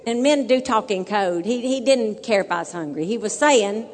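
A woman's voice: a little high, animated, brisk, few pauses, long reverb tail. A woman telling a humorous marriage story in a sermon, acting out dialogue and laughing often. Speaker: married couple speaker.

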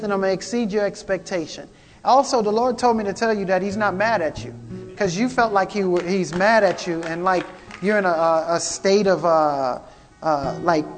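A man preaching a prophetic sermon, fervent and repetitive, calling out to the congregation. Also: high voice. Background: guitar music.

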